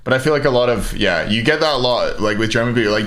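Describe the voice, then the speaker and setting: A man's voice: mid-range voice, expressive, fast, hardly any pauses, fairly bright tone. A young man casting a live esports match, rambling and joking between plays and swearing casually. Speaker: esports caster. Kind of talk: live game commentary with banter. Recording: faint background noise and clicks.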